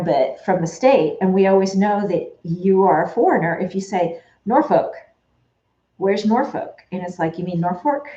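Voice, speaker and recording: A woman's voice: medium pitch, dark tone. A woman chatting casually while she works, rambling through her thoughts with lots of fillers and restarts. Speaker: Etsy shop owner. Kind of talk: casual chat while working. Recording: echoey, dull lo-fi room recording.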